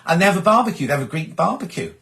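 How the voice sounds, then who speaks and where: A man's voice: high voice, very animated, racing, fairly bright tone. A middle-aged man hosting a casual live chat, rambling and gossipy as he reads out viewer messages. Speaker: host.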